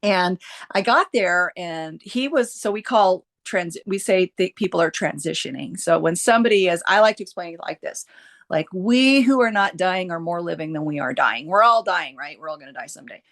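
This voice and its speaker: A woman's voice: fairly low pitch, expressive, normal speed, fairly bright tone. A woman who works as a hospice nurse, telling stories earnestly in a casual interview, with frequent restarts and fillers.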